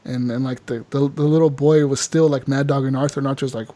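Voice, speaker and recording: A man co-hosting a casual gaming podcast, telling a game's story with lots of swearing and putting on quick voices for the characters. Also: mid-range voice. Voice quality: animated storyteller, swears freely, acts out characters in quotes. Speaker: podcast co-host.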